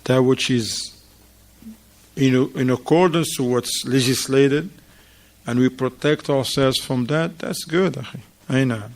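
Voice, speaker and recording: At an unhurried pace and in a mid-range, slightly mellow voice, a man runs a casual religious lesson at a mosque. He talks with his students, quizzes them and echoes back their replies, speaking English as a second language.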